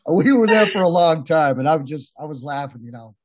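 A man's voice: fairly high pitch, lively intonation, a little fast, husky, dry recording. A man hosting a podcast, telling rambling, laughing anecdotes in a casual chat with many restarts. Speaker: podcast host. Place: podcast room.

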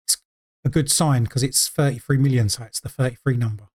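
A man's voice: mid-range voice, fairly quick, darkish tone, dry recording. A man co-hosting a podcast, chatting casually with a dry, teasing manner. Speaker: podcast co-host. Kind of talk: casual chat.

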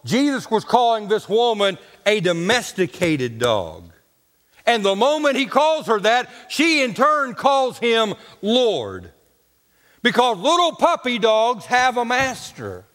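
A man's voice: very high-pitched, wildly swooping pitch, slow, a bit bright. A male pastor preaching a sermon in a folksy, humorous storytelling way, with casual grammar. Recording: church hall reverb.

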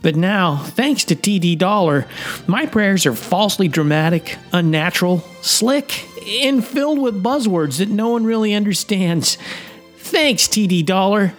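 A man plays an overly earnest customer gushing in a mock testimonial. The voice sits higher than his usual talk and sounds a little distant. Faint music runs under it. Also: lively intonation, unhurried.

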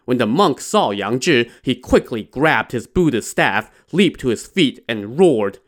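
A man's voice: mid-range voice, big pitch swings, measured pace, few pauses. A man casually retelling a classic adventure novel, dropping in wry, irreverent asides. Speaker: storyteller.

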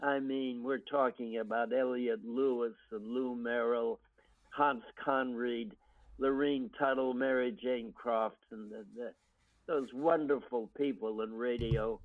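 An older man from the United States recalls his past at a slow, easy pace. His speech is full of ums and restarts. The audio is thin and tinny, like a phone line. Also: mid-range voice, fairly even intonation. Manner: unhurried storytelling with frequent ums and restarts. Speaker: guest actor. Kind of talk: reminiscing interview.

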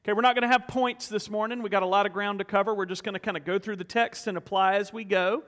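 A man's voice: sits high, fairly even intonation, quick pace, a bit bright, big-room sound. A man preaching a sermon in a church, telling a story with earnest rhetorical questions. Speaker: pastor. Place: church sanctuary.

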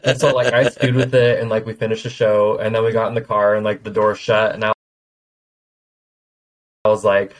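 A man's voice: on the low side, flat delivery, brisk, few pauses, rough recording. A young man as a podcast guest, telling stories frankly with plenty of swearing. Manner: frank, profane storyteller. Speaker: podcast guest, drag performer. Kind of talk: casual interview chat.

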